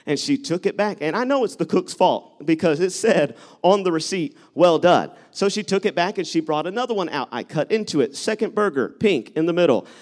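High-voiced man preaching a sermon. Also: brisk, few pauses. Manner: animated, shifts between storytelling and loud exhortation. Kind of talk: sermon with live object lesson.

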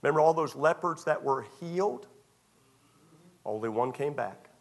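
His voice is on the high side, creaky and expressive, moving at normal speed as this male pastor preaches to a young church audience. Retelling a story conversationally, he repeats phrases and dramatizes small scenes.

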